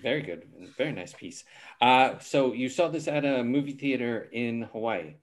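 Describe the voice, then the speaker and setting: A man's voice: medium pitch, lively intonation, moderate pace. A man hosting a casual game show over a video call, thinking aloud and hesitating often.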